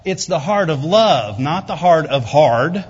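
A man's voice: expressive, a little slow, breathy edge. Man preaching in a reverberant church. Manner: conversational preaching, often asks "Right?"; rises loud and high for emphasis, drops low and quiet. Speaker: pastor. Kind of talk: sermon. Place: church hall. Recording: dull reverberant hall recording.

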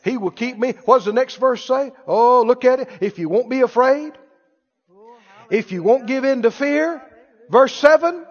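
A man's voice: very high voice, moderate pace, big-room sound, dull audio. A man preaching a sermon with emphasis, repeating phrases and acting out imagined speakers.

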